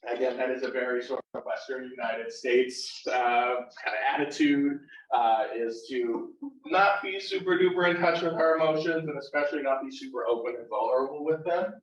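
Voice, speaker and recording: A man's voice: medium pitch, moderate pace. A male university counselor leading a live workshop, talking conversationally and often checking in with "right?". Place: classroom or workshop room. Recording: roomy, distant and dull live room recording.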